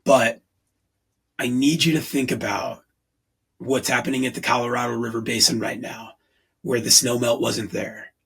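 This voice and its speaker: A man's voice: mid-range voice, level tone, moderate pace, pauses often, fairly bright tone, husky, rough recording. A man in his forties hosting a podcast, talking in an earnest, rambling way. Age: 40s. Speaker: podcast host. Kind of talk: casual podcast monologue.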